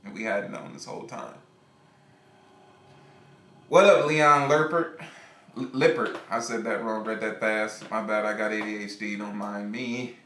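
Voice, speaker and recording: A man rambles through a casual live-stream story, animated and laughing often. His voice is bright and forward. The room around him is echoey. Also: on the low side, measured pace, long pauses, a little hiss or hum.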